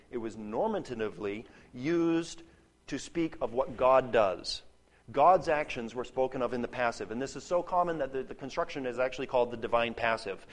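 A Bible teacher with a medium-pitched voice gives a spoken lesson on a Bible passage, explaining as he goes. He restarts and repeats words while thinking and checks in with "okay?" and "right?".

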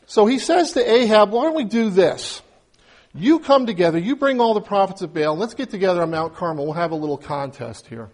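A man's voice: high voice, lively intonation, a little fast, darkish tone. A male pastor preaching a conversational sermon, retelling a scripture story and acting out the quoted lines with casual asides.

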